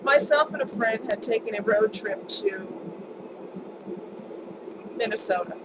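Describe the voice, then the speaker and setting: A woman with a fairly high voice chats straight to the camera and tells a personal story in an emphatic, repetitive way. A clear hum of air conditioning and passing traffic runs behind her. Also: a little slow. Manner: emphatic, chatty, repeats words for stress. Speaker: vlogger.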